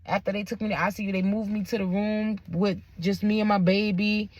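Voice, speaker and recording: A woman's voice: medium pitch, flat delivery, fairly quick, a little mellow, dry recording, highs cut off. A young woman tells a personal story, emphatic and blunt. The recording is dry and close. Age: young adult. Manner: candid, emphatic, slangy with faith phrases.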